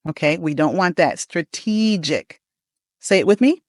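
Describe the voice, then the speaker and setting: A woman's voice: deep voice, expressive, no room sound, studio quality. Encouraging American woman coaching pronunciation. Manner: upbeat, encouraging, slow deliberate model words. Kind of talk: pronunciation lesson with repeat-after-me drills.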